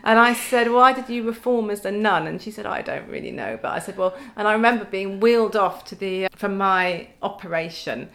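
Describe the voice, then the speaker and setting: A woman's voice: mid-range voice, brisk, few pauses, fairly bright tone. Wry laughing Englishwoman telling hospital anecdotes. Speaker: podcast guest. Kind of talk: casual storytelling chat.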